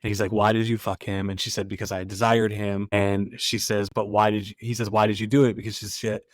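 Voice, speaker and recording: A man hosting a podcast, casually recapping a film scene and acting out its lines in a quieter voice. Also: on the low side, flat delivery, brisk, no room sound. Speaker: podcast host.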